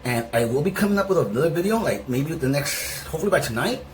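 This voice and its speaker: A man's voice: a little high, animated, quick pace, slight background noise, poor audio. A man hosting a casual vlog, rambling through fillers and restarts while affectionately addressing his viewers, his voice still recovering. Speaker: channel host.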